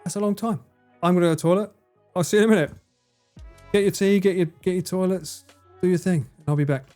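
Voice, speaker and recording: Male streamer, casual live commentary, excitable, fairly high voice, swearing. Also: fast, soft background music. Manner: excitable, swearing, laughing often.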